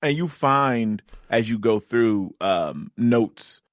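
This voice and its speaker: A man in an easygoing gaming podcast chat, talking in loose, rambling sentences full of restarts. His voice sits at a middling pitch and is recorded close and dry, with no room sound. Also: expressive, takes it slowly, no echo. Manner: rambling, lots of fillers and restarts, laughs easily. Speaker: podcast co-host.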